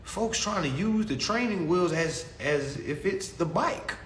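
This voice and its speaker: A man's voice: high-pitched, lively intonation, a little slow, slight background noise. Preachy young man in an echoey room. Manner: preachy, repetitive, calls listeners family. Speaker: consumer law class teacher. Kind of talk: casual talk to followers. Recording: echoey room with faint ambience.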